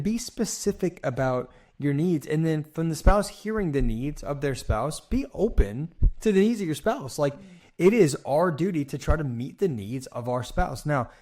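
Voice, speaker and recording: A man's voice: mid-range voice, a little mellow. A man co-hosting a casual marriage podcast, talking in a conversational way with frequent restarts and acted-out bits of dialogue. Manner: conversational, repeats words, acts out dialogue. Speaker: podcast co-host. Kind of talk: casual chat about marriage.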